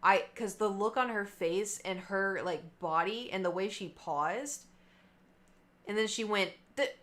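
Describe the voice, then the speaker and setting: Young woman, streamer, casual animated storyteller, lots of fillers, mid pitch. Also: measured pace. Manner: chatty, animated quoting of others, many fillers.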